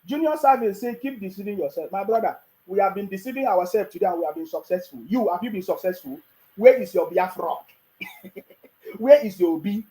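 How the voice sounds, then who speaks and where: A Nigerian-accented political commentator talking straight to the listener, pitched at an ordinary middle height. The delivery is mocking and full of rhetorical questions, with chuckles slipped in between points and a habit of asking whether the listener is following. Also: lively intonation, brisk, dark tone, poor audio. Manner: keeps checking in with the listener.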